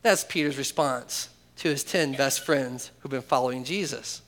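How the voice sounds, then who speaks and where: A pastor preaches to his congregation in a mid-range voice at a moderate pace. He alternates between loud, emphatic calls and quiet, intimate asides, firing rhetorical questions at the crowd.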